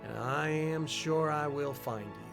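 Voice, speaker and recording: A man's voice: on the high side, a little slow, gravelly, music in the background. A man voicing a brash young female thief in a put-on Australian accent, reading game dialogue aloud in a heartfelt, drawling way. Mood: tender.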